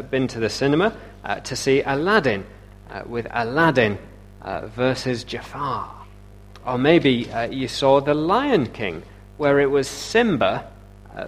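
Preacher with a conversational tone. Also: male voice, medium pitch, a little hiss or hum. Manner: conversational, rhetorical questions, frequent "uh" fillers. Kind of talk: sermon.

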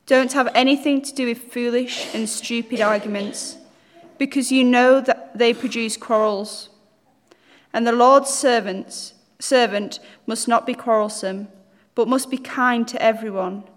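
A woman reading a Bible passage aloud at a steady, measured pace. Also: fairly high pitch. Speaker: Bible reader. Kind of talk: scripture reading. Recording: church hall reverb.

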